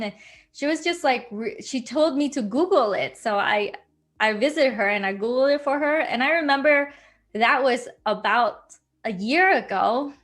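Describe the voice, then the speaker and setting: Woman, fairly high voice, interview guest, candid and heartfelt. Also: measured pace, fairly bright tone. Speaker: guest, software company founder. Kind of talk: casual interview talk.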